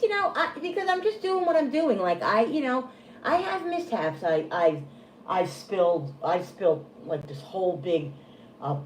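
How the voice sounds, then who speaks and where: A woman's voice: lowish voice, a little mellow. Middle-aged woman, livestream host, chatty and self-deprecating, rambling; echoey room. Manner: rambling, self-deprecating, full of restarts, greets viewers by name. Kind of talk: casual livestream chat. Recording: echoey room with faint room noise.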